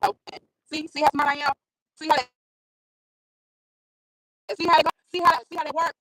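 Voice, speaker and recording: This is a woman with a high, bright-sitting voice, recorded close and dry. She vlogs casually about her own life, pressing her points hard and repeating lines to drive them home. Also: little pitch movement, moderate pace, dry recording, poor audio. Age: adult with a school-age son. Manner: emphatic, repeats phrases for stress. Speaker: vlogger. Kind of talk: casual storytelling monologue.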